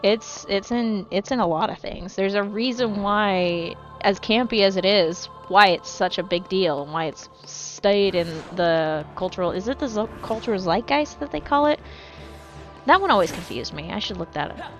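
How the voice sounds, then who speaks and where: Faint music plays behind a woman with a mid-range voice speaking at a moderate pace. She's livestreaming a game and casually chatting with viewers, rambling, swearing openly, and regularly correcting herself mid-sentence.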